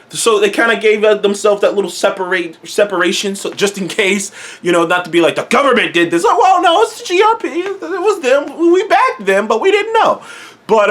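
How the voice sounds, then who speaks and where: A young man with a high, sharp-toned voice reviews a TV episode casually. He rambles and swears freely.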